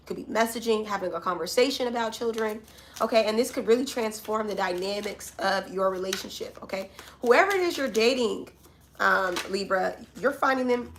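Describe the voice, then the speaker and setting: A woman's voice: mid-range voice, fairly bright tone. Chatty woman giving a tarot reading. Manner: chatty, direct, calls listeners honey and child. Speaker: tarot reader. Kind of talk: casual collective tarot reading. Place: home.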